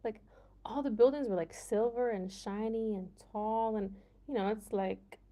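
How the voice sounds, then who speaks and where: Chatty Midwestern American woman, mellow voice. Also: mid-range voice. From United States, Midwest. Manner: chatty, laughs often, heavy use of "like". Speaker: livestream host. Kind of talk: casual livestream chat with viewers.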